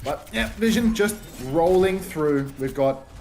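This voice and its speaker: A man's voice: high-pitched, animated, unhurried, darkish tone. Guy casting an esports final, dry sarcastic jokes, bit of hum behind. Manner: dry, sardonic banter. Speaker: esports caster. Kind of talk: live esports commentary.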